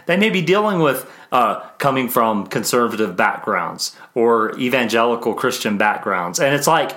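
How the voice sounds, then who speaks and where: A man of ordinary mid pitch hosts a podcast interview. He muses aloud, restarting and trailing phrases as he works toward his questions. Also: expressive, moderate pace, hardly any pauses. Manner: warm, musing, many restarts and trailing phrases. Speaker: podcast host. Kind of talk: conversational interview.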